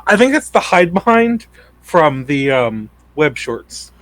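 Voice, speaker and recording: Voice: medium pitch, very animated, slow, fairly bright tone, no room sound. A podcast co-host dropping brief offhand comments in a casual chat.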